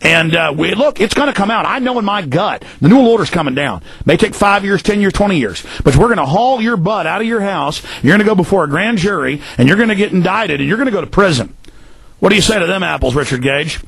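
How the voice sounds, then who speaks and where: A man hosting a talk radio show, delivering a heated, combative monologue in fast bursts. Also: high-pitched, lively intonation, gravelly, fairly bright tone, husky, no room sound, rough recording.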